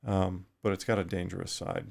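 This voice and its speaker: A middle-aged man, a retired firefighter, talking thoughtfully in a podcast interview, pausing and restarting often. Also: low voice, level tone, vocal fry. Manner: thoughtful, halting with frequent restarts.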